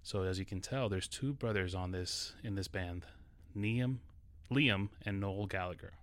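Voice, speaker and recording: A man's voice: deep voice, unhurried, fairly bright tone, no echo. A man from New York hosting a solo podcast episode, talking casually and a little nervously, with restarts. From New York City. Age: adult. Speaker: podcast host.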